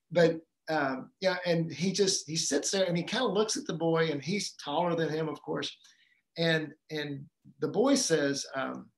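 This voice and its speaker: A man's voice: fairly high pitch, lively intonation, fairly bright tone. Man retelling a film scene, echoey. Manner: storytelling, retells a film scene with acted quotes; halting, many fillers and restarts. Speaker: guest speaker on fathering. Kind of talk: casual talk on a live community call.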